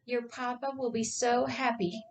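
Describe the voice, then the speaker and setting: A woman voicing a doting, pushy older immigrant mother, speaking slowly in a Chinese accent with a drawn-out, mocking manner. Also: on the high side, little pitch movement, far from the mic, voice pushed up. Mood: cooing.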